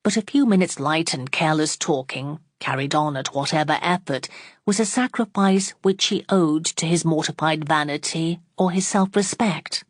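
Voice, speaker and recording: A female narrator with a low voice reads a classic novel audiobook in a steady, unhurried way. The sound is dry and close, with no room sound at all.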